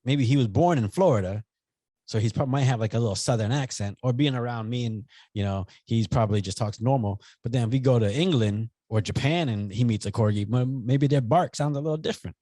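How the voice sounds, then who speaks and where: A man co-hosting a podcast, talking about a movie in a casual chat, playful and animated. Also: medium pitch, a little fast, no room sound, studio quality. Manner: animated, playful, acts out silly voices. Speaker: podcast co-host.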